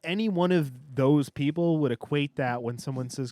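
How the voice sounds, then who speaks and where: A man's voice: fairly high pitch, normal speed, mellow, no echo. A man co-hosting a podcast, ranting sarcastically and swearing freely. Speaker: podcast co-host. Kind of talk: casual chat.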